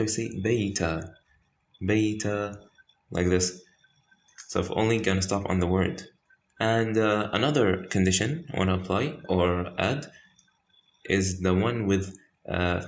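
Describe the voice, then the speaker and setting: A man with a deep, low voice teaching the rules of Quran recitation. He explains patiently, repeats key words, and often stops to correct himself. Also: creaky. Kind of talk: explaining tajweed rules to a class.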